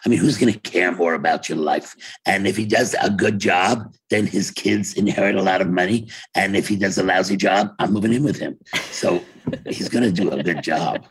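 A man's voice: sits low, moderate pace, breathy edge, rough recording. An older man with a New York accent, telling wry, rambling stories in casual conversation over a video call from his home office. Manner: rambling, self-interrupting, wry. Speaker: interview guest, playwright and actor. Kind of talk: casual storytelling.

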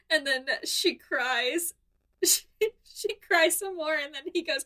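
Chatty woman podcast cohost, bit high pitched, laughs a lot while retelling stuff. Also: slow pace, pauses often. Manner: giggly, animated storytelling. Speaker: podcast co-host. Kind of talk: casual recap chat.

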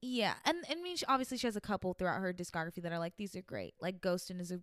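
A young woman hosting a casual podcast, chatty and animated, swearing now and then. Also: fairly low pitch, rapid-fire, smooth, no room sound, clean studio sound. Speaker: podcast host. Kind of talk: casual chat.

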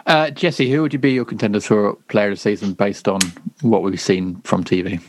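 A man's voice: fairly low pitch, steady tone, a little fast, background noise. A man hosting a podcast, reading out listener questions in an easygoing way. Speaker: podcast host.

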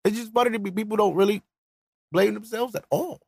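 A man's voice: high-pitched, steady tone, a little fast, gravelly, darkish tone, dry recording, clean studio sound. A man hosting a podcast, giving a blunt, profane, lecturing rant in a casual style. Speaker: podcast host.

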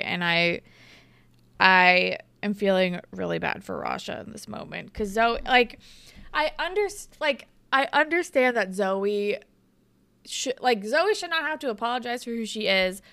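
A woman's voice: medium pitch, gravelly, bright, forceful tone, smooth, no room sound. A young woman co-hosting a casual podcast, recapping a TV episode in a candid, chatty way and swearing freely. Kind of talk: casual chat.

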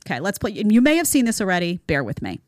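A woman hosting a talk show, giving casual commentary in a chatty, animated way and acting out quotes. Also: mid-range voice, fast talker. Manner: animated, acts out quotes with put-on voices; lively, chatty. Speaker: show host.

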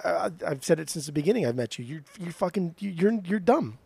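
Lively high-pitched man ranting in mock outrage. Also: fairly quick, gravelly, slightly rough, no room sound. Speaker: podcast co-host. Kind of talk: casual chat.

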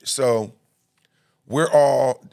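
A man hosting a podcast, telling stories in a casual, animated, slangy way. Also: medium pitch, drawn-out words, vocal fry, dry recording, studio quality. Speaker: podcast host. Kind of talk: casual storytelling chat.

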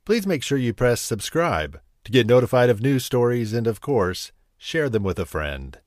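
A man hosting a bedtime story channel, reading a fairy tale gently. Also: medium pitch, very animated, normal speed, no room sound, studio quality. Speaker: storyteller host.

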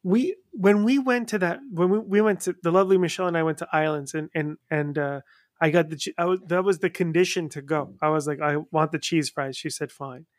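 A man hosting a podcast interview, chatting casually and telling funny stories with quick voice switches. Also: sits high, dry recording, clean studio sound. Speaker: podcast host.

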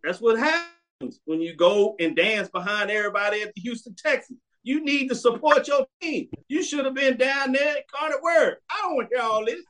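A man's voice: extremely high pitch, normal speed, fairly bright tone. A man hosting a sports show, giving blunt, opinionated commentary and hammering his points with repeated commands.

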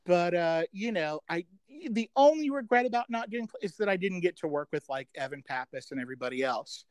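A man's voice: high voice, expressive, clear, resonant tone, no echo, poor audio. A middle-aged man as a podcast guest, reminiscing in casual chat, rambling with many fillers and joking at his own expense. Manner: chatty, rambling, full of 'um' fillers; self-deprecating, quick to joke.

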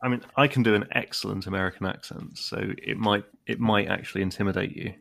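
A man's voice: fairly low pitch, fairly even intonation, fast, vocal fry, a bit bright. A man co-hosting a comedy podcast, teasing the others with dry humor. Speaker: podcast co-host.

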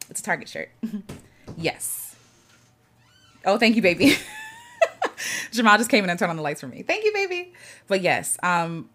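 Woman, livestream host, casual chat from home, lowish voice, lively pitch, earnest, reads viewer comments aloud. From United States.

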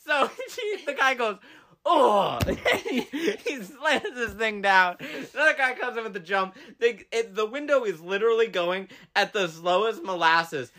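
High bright animated male storyteller. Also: a little slow. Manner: animated, acts out voices, laughs often. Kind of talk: casual chat.

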